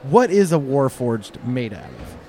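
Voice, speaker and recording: A man's voice: medium pitch, huge pitch swings, unhurried, warm tone. A man running a tabletop game talks in a mid-range voice. He narrates loosely, cracking jokes and stalling with fillers as he works out what happens next. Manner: casual, joking, hesitant with fillers. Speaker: game master.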